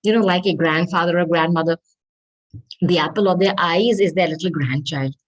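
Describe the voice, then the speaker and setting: Woman tarot reader, slightly low voice, earnest and coaxing, keeps checking in with the listener. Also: muffled recording. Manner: reads card messages aloud slowly. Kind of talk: tarot reading monologue.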